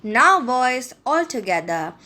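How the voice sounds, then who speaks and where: A woman's voice: fairly high pitch, very animated, slow pace, bright, forceful tone, full character voice. A woman reading as a commanding old badger. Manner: commanding, urging in short orders. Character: stern old male badger leading a raid.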